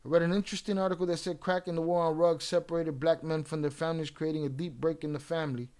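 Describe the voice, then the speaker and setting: A man's voice: fairly high pitch, little pitch movement, fast, a little mellow, smooth. A man hosting a livestream, ranting at chat in a profane, confrontational, taunting way. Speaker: livestream host. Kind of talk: livestream rant addressing chat.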